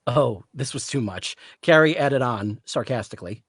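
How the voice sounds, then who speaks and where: A man reading the narration of a story aloud at a live reading, in a steady storytelling manner. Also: mid-range voice, normal speed, slightly rough, dry recording, clean studio sound. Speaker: reader, narrator.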